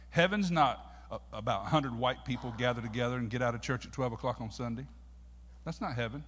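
A man's voice: medium pitch, slightly rough. A man preaching a sermon in a church, telling folksy stories and working up the congregation. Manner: folksy storytelling, preachy and animated. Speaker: pastor. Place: church sanctuary. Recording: long hall reverb.

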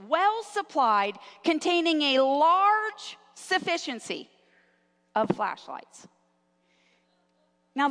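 Woman preacher in a reverberant hall. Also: high-pitched. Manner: lively, engaging the congregation with call-and-response. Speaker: pastor. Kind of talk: sermon. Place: church sanctuary. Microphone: handheld or clip microphone.

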